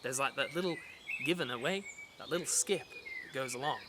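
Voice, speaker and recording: A man's voice: medium pitch, fast talker, background noise. Man, teacher, casual lesson, chatty, lots of fillers and restarts, birds and insects in the background.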